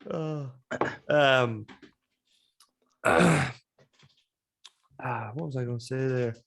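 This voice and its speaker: Chatty podcast host. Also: male voice, mid-range voice, extremely slow, creaky, a bit bright. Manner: chatty, laughing, swears casually. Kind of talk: casual chat.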